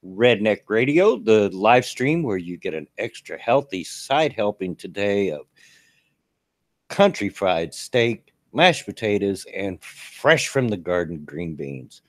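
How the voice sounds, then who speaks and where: A man in his fifties with a drawl chats on a live stream, his voice sitting fairly low. He rambles in a folksy way, stumbling over fillers and restarts. The sound is dry and close, with little room around it. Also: sing-song, takes it slowly, no room sound. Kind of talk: casual chat.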